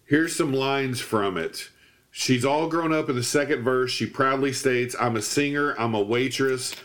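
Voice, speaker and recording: A man's voice: mid-range voice, unhurried, a bit bright. A man co-hosting a podcast in casual chat, reading out items from a list and laughing along. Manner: reads out lists, laughs often. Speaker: podcast co-host.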